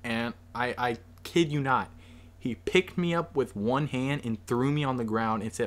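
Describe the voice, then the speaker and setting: A man's voice: medium pitch, measured pace, fairly bright tone. A young man in a casual podcast chat, rambling through a story and getting defensive when questioned.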